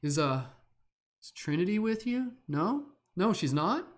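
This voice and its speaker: A man's voice: sits high, sing-song, measured pace, voice pushed up. A man voicing a lovestruck rebel who eagerly greets a hero.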